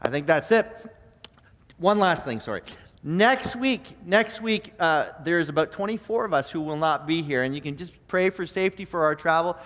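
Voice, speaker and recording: A man pastor delivering a lively sermon, telling stories with stammers and repeated words. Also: fairly high pitch, in a large hall. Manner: animated storyteller who stammers and repeats words. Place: church sanctuary.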